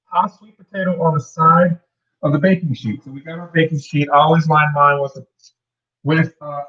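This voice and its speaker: A man hosting a home cooking video, talking viewers through each step in a relaxed, rambling way with playful wordplay. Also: on the high side, normal speed, muffled recording. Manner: chatty, rambling, plays with words. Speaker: cooking show host. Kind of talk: casual cooking demonstration.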